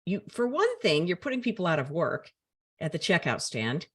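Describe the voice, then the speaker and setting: Older woman, co-host, casual chat, animated pitch, emphatic. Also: normal speed, breathy edge.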